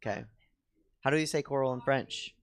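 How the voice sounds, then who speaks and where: A man's voice: mid-range voice, a little fast. A man co-hosting a comedy show, rambling in a chatty, self-mocking way as he talks with a theater audience. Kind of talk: rambling stand-up style chat with the audience.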